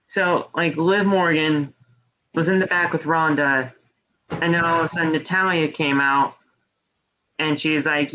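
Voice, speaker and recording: Bright-voiced man recapping wrestling, lo-fi. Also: a little high, steady tone, unhurried, pauses often. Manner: rambling recap with loose play-by-play impressions. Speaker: podcast co-host. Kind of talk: casual wrestling show recap.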